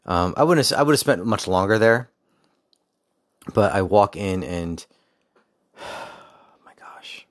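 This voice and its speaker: A man's voice: lowish voice, lively intonation, moderate pace, pauses often, no echo, studio quality. A young adult man hosting a podcast, telling a personal story in a rambling, casual way with restarts and asides, and reflecting on his faith. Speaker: podcast host.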